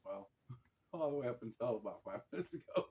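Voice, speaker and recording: A man's voice: medium pitch, animated, a little fast, warm tone. A man co-hosting a casual podcast, throwing in teasing quips and short replies. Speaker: podcast co-host.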